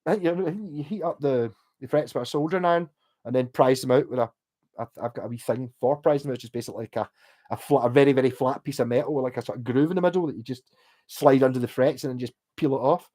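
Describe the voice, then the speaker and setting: A man's voice: medium pitch, fast talker, mellow. A Scottish man rambling casually on a livestream about guitar repair, with many restarts and the odd swear word.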